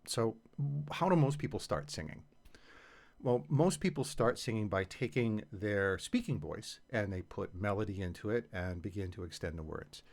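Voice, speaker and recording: A man teaching singing, explaining technique in a patient, conversational way with casual fillers. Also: on the low side. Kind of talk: explanatory voice lesson.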